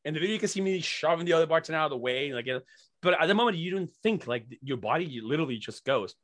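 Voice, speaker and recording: A man telling a story as a podcast guest, animated and profane, full of fillers. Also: on the high side, rapid-fire. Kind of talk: casual storytelling.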